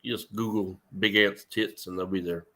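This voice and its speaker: Brief: low male voice, teasing and joking, loose chat. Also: steady tone, moderate pace, pushed and bright. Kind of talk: casual profane banter.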